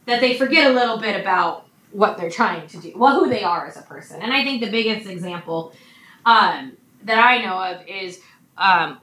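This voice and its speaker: A woman preaching a conversational sermon, often checking in with her listeners with a quick "right?". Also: fairly high pitch, bright, forceful tone. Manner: conversational, frequent "right?" asides. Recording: echoey room, mic at a distance.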